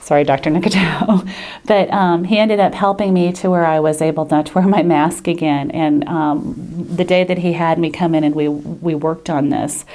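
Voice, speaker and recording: A woman speaking as a patient in an unscripted testimonial, hesitant and earnest, pausing often with fillers and restarting her sentences. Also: deep voice, steady tone, warm tone. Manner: earnest and grateful.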